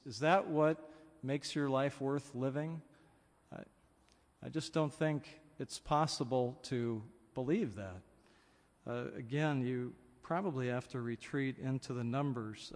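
A man's voice: medium pitch, darkish tone, in a large hall. A man preaching a reflective sermon, earnest and thoughtful, often building up to emphatic questions. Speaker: pastor.

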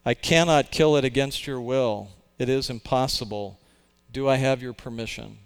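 A man voicing a calm, insistent angel, speaking in an even, measured way. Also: mid-range voice, clean tone, faint music behind, lightly acted. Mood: firm.

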